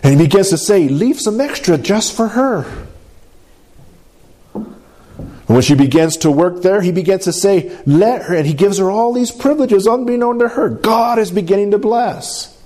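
A male preacher delivering a sermon, his voice mellow and fairly high. He calls out to the congregation for amens and swings between raised, emphatic phrases and low, slow passages. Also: lively intonation. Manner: preaching with call-and-response, asking for amens. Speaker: pastor.

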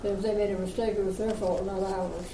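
A woman's voice: medium pitch, level tone, a little fast, mellow. Distant woman in an echoey church. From American South. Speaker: congregation member. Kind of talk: casual remark from the pews. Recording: distant, echoey room with ambient noise.

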